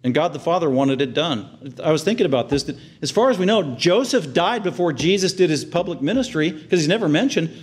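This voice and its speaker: A man preaching a sermon with earnest conviction, dropping to hushed tender lows and rising to loud, excited highs as he acts out the scene. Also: brisk, few pauses, slightly rough. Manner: acts out the crowd's outraged reactions in a raised voice. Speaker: pastor.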